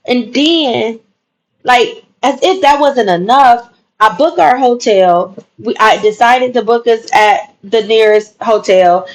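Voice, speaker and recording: A woman's voice: fairly high pitch, slow, poor audio. Woman telling a story, emphatic, keeps repeating stuff, casual chat. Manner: animated, emphatic retelling with repeated phrases.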